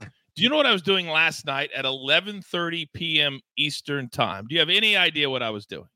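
Male betting-show host; high, piercingly bright, pumped-up promo delivery in a dry room. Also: expressive, brisk, dry recording. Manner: hyped, promotional, emphatic. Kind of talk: energetic sports betting show chat.

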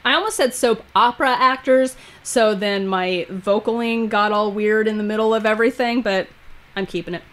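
A woman's voice: mid-range voice, normal speed, fairly bright tone. A woman co-hosting a podcast in casual chat, blunt and profane, mocking as she talks. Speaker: podcast co-host.

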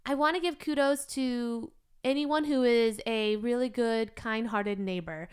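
A woman's voice: a little high, unhurried, clear, resonant tone. A woman co-hosting a podcast, telling stories in an upbeat, casual chat. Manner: chatty storyteller, upbeat. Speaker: podcast co-host.

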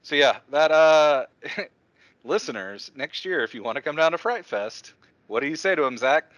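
Animated, laughing male podcast host. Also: fairly high pitch, moderate pace, dry recording, highs cut off. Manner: animated storyteller, laughs often. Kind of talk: casual chat.

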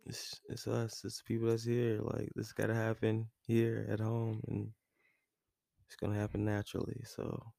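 A man's voice: on the low side, completely flat delivery, normal speed, gravelly, mellow, no echo, studio quality. A young man co-hosting a casual chat, laid-back and slangy. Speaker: podcast co-host.

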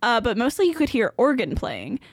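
A woman's voice: on the high side, wildly swooping pitch, brisk, no room sound, clean studio sound. A young woman co-hosting a podcast, telling a ghost story in a rambling, casual way with lots of fillers and laughter. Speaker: podcast co-host.

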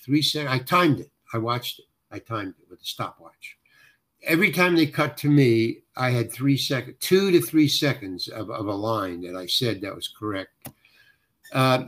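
A man's voice: mid-range voice, fairly bright tone. Rambling older man telling a story. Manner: rambling, self-correcting storyteller with frequent restarts. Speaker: guest actor. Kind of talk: anecdotal storytelling in conversation.

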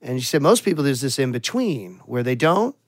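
A man's voice: medium pitch, sing-song, fairly quick, no echo, clean studio sound. A man telling a crude story in casual podcast chat, swearing a lot and laughing as he goes.

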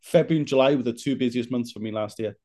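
A young man, a fitness coach co-hosting a casual chat, swearing freely as he tells an animated story. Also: mid-range voice, fast talker. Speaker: fitness coach, podcast co-host.

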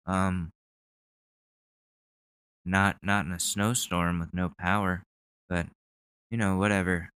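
A man's voice: deep voice, little pitch movement, slow, pauses often, a bit bright, smooth, no room sound. A young man hosting a podcast, chatting casually in a rambling, profane way. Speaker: podcast host. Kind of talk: casual chat.

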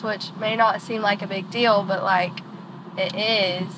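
A woman's voice: a little high, steady tone, slow pace, a bit bright, rough recording. A young woman chatting with her dad in the car, giggly and teasing. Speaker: daughter and podcast guest. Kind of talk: casual chat in a car. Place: in a moving car. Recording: faint road noise from the car.

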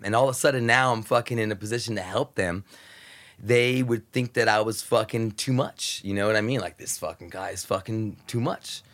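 A man in casual podcast talk, excitable and profane, rambling with many restarts. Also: on the low side. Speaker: radio host guest.

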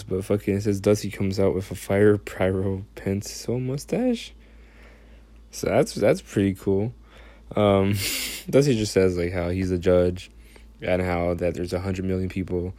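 A man's voice: fairly low pitch, dark tone, no room sound. A young man casually recapping a wrestling episode, rambling, swearing a lot and laughing often. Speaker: podcast host.

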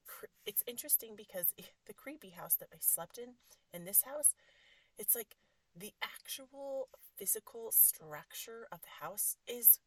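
A woman in her thirties hosting a podcast, telling a rambling, animated story in a casual way and saying "like" a lot. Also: medium pitch. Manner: rambling, heavy use of "like", animated retelling. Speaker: podcast host and energy healer.

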